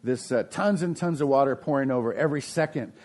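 A middle-aged man preaching a conversational sermon, asking the congregation questions and swinging between raised emphasis and quiet, low asides. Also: fast. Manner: conversational preaching with frequent restarts and rhetorical questions. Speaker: pastor.

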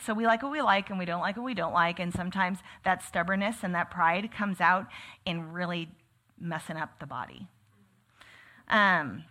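Her voice sits fairly low with a sharp edge. As she leads a church book study, she teaches conversationally in a loose, sermon-like manner, peppering her talk with "like" and "right?".

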